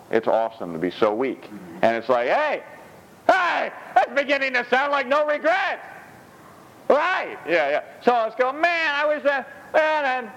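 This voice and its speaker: A man preaching a sermon in an animated, joking way. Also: muffled recording. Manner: animated, jokey preaching with swings of pitch. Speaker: pastor.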